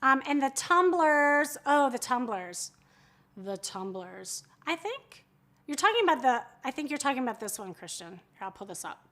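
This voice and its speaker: Lady in her 40s hosting a live shop stream, high voice, giggly and rambling. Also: big pitch swings, normal speed, bright, forceful tone. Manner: chatty, giggly, self-interrupting. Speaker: livestream shopping host. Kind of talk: casual live-selling chat.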